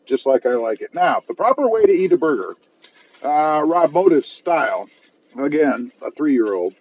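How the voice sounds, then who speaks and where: A man's voice: fairly high pitch, big pitch swings, moderate pace, darkish tone, breathy edge, lo-fi sound. A man from South Texas chatting casually on a live stream from his parked car while eating and reading viewer comments aloud, self-mocking and easygoing. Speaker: car channel host reading live chat. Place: parked car at a fast-food restaurant.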